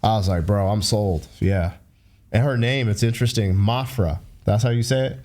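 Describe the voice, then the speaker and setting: A man's voice: on the low side, normal speed, a little mellow. A man giving a reflective take on a song during a casual music reaction chat. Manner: reflective, talks at length about feelings in the song. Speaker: guest reactor.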